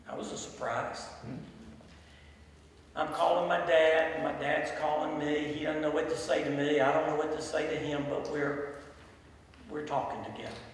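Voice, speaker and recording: Man, pastor preaching, storytelling, loud swells and quiet drops, fairly high voice, big echoey church hall, distant mic. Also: fairly even intonation, moderate pace, pauses often, slight background noise. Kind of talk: sermon. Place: large church sanctuary. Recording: echoey hall from far off, faint ambience.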